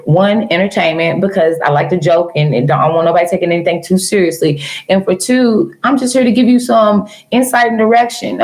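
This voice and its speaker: Teasing, animated woman tarot reader. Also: mid-range voice, rough recording. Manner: animated, teasing, calls viewers girl and baby; laughs often, jokes then turns earnest. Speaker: tarot reader livestreaming to viewers. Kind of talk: casual live-stream advice chat.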